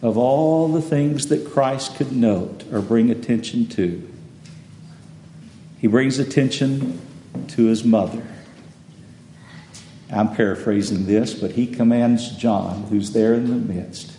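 A man preaching a slow, deliberate sermon in a church sanctuary. He stumbles and repeats words, then builds to loud emphatic peaks. The recording is roomy and echoey, with a long reverb tail. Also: medium pitch, slight background noise. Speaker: pastor.

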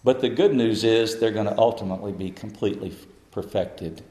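A man preaching a sermon, building to fervent, high-pitched climaxes. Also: fairly quick, mellow. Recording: echoey hall.

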